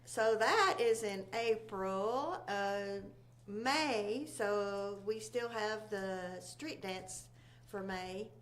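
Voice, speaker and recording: A woman from a local chamber of commerce chatting casually, rambling and halting with many fillers. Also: medium pitch. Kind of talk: casual local talk show chat.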